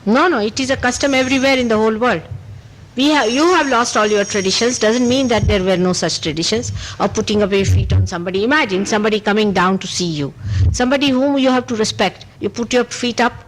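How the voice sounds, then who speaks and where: Captured on a rough old tape with slight background noise, this spiritual talk comes from an Indian-accented woman answering questions emphatically and off the cuff. She talks fast and animatedly, pitch climbing on important points, in short repeated phrases peppered with "you see."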